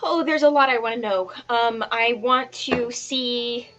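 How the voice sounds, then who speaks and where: A woman's voice: fairly high pitch, unhurried, a bit bright. Eager woman player plotting aloud. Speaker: tabletop game player. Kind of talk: casual game chat.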